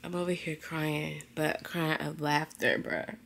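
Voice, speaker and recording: A young woman vlogging in a relaxed, slangy, chatty way. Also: deep voice, measured pace, gravelly, a little hiss or hum. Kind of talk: casual vlog chat.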